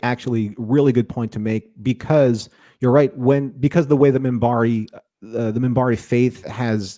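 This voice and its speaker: Man, mellow tone, dry sound, rambling casual review chat. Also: medium pitch, no echo. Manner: rambling, repeats words, frequent restarts. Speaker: podcast co-host.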